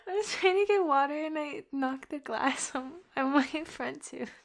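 A woman out of breath and dazed, talking in halting, breathy bursts between heavy sighs as she records at her computer. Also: sits high. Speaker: audio creator. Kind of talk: unscripted recording to listeners. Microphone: computer recording setup.

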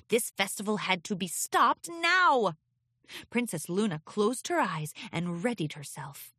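Woman reading a kids storybook, lively sing-song voice, bright, dry close sound. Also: mid-range voice, measured pace, slightly rough, no room sound. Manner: expressive, lilting narration. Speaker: audiobook reader. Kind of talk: storybook narration.

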